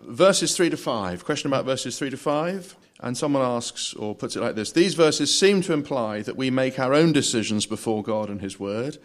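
A man's voice: medium pitch, animated, normal speed, few pauses. Man reading out audience questions. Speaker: Q&A moderator.

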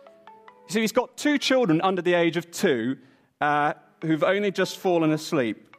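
A man preaching a sermon at the front of a church, telling a Bible story in a playful, animated way. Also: fairly high pitch, measured pace, soft background music.

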